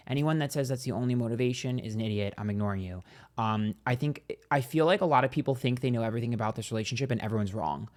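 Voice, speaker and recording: A man giving a casual psychic tarot reading, rambling and hesitant, turning emphatic and profane. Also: medium pitch.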